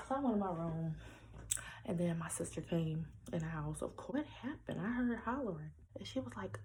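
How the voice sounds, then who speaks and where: A woman's voice: medium pitch, animated, moderate pace, darkish tone, slight background noise, poor audio. A young woman vlogger telling a personal story to her viewers in a blunt, sassy way.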